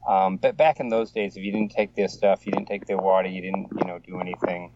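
A man's voice: deep voice, steady tone, a little fast, noisy background. A man in his sixties with a Boston accent, telling rambling, self-deprecating stories as an interview guest. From Boston area. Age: 60s. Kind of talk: casual anecdotal storytelling. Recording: dull, slightly distant, dry mic.

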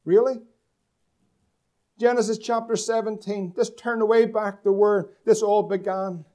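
A man's voice: sits high, fairly even intonation, measured pace, warm tone. A man from preaching a sermon as pastor, asking the congregation questions and drawing out key words for emphasis.

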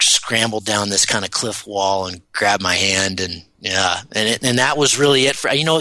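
Bright-voiced man telling a story. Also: fairly low pitch, no room sound. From United States. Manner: animated, rambling storyteller. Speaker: guest. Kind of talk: podcast interview storytelling.

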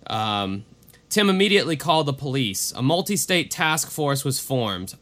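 A man's voice: medium pitch, big pitch swings, moderate pace, fairly bright tone. A man co-hosting a casual true-crime podcast, reading case notes and breaking off into profane, offhand asides. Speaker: podcast co-host.

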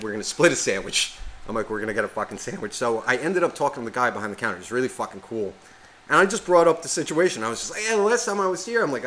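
A man's voice: mid-range voice, a little hiss or hum, rough recording. A man telling a story on a podcast, swearing constantly and acting out the voices of the people in it. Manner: swears constantly, animated retelling with quoted voices. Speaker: podcast co-host. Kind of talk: casual storytelling chat.

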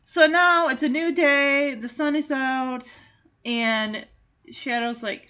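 A woman chatting casually in an amused way as she recaps a movie and does quick character voices. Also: high-pitched, bright, forceful tone, dull audio.

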